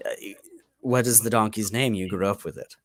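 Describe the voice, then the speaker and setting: A man narrating a tabletop game as game master, pausing often and restarting his sentences. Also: lowish voice. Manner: halting, with many fillers and restarts.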